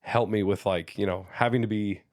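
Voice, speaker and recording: A man in his thirties talks as a podcast guest, spinning animated stories and checking in with his listeners. His voice sits on the low side. The sound is dry and close. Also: moderate pace, dry recording. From Canada, Ontario. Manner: animated storyteller who slips into voices, says "you know what I mean" often. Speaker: guest comedian. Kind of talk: casual podcast chat.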